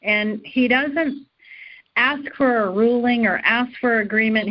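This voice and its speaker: A woman's voice: fairly high pitch, unhurried, a little hiss or hum. A woman hosting a study group call, speaking hesitantly with many fillers. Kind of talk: casual discussion on a conference call. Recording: dull lo-fi call audio.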